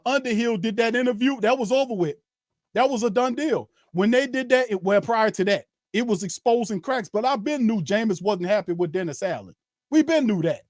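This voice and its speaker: With studio-quality audio and no room sound, this sports show host's voice sits high. He's furious and profane, ranting heatedly while talking straight to his viewers and the chat.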